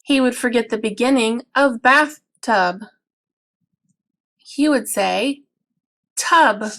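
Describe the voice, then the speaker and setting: A woman teacher explaining early reading games for parents in an instructional video, patient and clear, drawing out example words. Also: fairly high pitch, takes it slowly, a bit bright.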